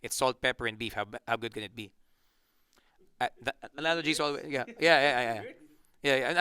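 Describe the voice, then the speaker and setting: A Filipino band member in a relaxed, joking interview chat, rambling with restarts. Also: male voice, medium pitch, fast talker, clean tone, no room sound. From Philippines.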